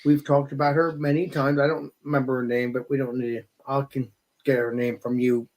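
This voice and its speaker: A man hosting a casual podcast chat, talking haltingly with restarts and short replies. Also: medium pitch, flat delivery, darkish tone.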